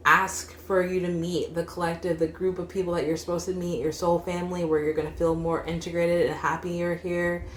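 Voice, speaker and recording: Young woman tarot reader, low-pitched, casual and rambling, recorded in an echoey room. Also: little pitch movement, fairly quick, few pauses. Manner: chatty, frequent "like" fillers, laughs while talking. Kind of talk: casual tarot reading monologue. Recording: echoey room with faint hum.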